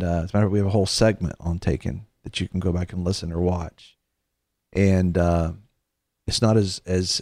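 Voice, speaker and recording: A man with a fairly low voice preaches in a relaxed, conversational way as the host of a Christian show. He tells stories, quotes scripture and repeats phrases for emphasis, and his voice sounds close and dry with no room echo. He ends by leading a prayer.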